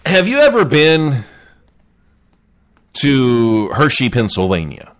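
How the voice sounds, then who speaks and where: A man's voice: mid-range voice, wildly swooping pitch, slow pace. A man hosting a comedic show, rambling jokily through odd news stories and asking his listeners questions. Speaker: radio show host.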